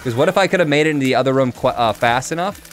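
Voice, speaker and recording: A man's voice: medium pitch, racing, slight background noise. A man giving casual, chatty commentary while streaming a game and answering his chat.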